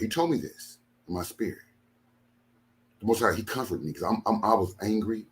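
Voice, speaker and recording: A man's voice: on the low side, lively intonation, a little fast. An older man, a ministry leader, venting angrily and repetitively from his studio, tired after a sleepless night. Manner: aggrieved, repetitive, emphatic. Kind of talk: angry venting monologue. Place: home studio.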